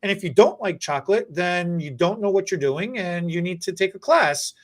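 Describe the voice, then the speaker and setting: A podcast host in casual chat, joking and rambling, often restarting sentences. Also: normal speed. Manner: animated, joking, rambling with restarts and repeated words; mock infomercial pitch. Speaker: podcast host and stylist educator.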